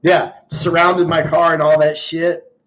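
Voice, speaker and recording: An American man hosts a live stream, telling stories in a blunt, profane style through muffled audio. His voice is slightly high and a bit bright, with little pitch movement and a measured pace.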